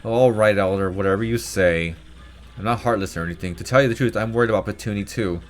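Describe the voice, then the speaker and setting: A man voicing an earnest young boy heir to a tribe who pleads and whines nervously in a squeaky voice. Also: fast talker, lightly acted.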